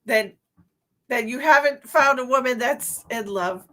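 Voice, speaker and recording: A woman's voice: fairly high pitch, a little slow, pushed and bright. A middle-aged woman hosting a live stream as a psychic medium, chatting casually and laughing often.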